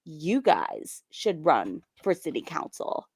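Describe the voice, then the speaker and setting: A woman's voice: sits low, wildly swooping pitch, slow, husky, dry recording. A woman hosting a live stream, reacting to clips and chatting with viewers in a drawling, sarcastic way. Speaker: stream host. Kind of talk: casual live-stream commentary.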